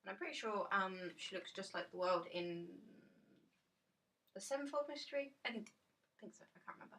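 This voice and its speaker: Bright-voiced woman chatting casually. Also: mid-range voice, lively intonation, fairly quick. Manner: chatty, rambling, self-deprecating, many ums. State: tired. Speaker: tarot vlogger. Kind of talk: casual deck reveal chat.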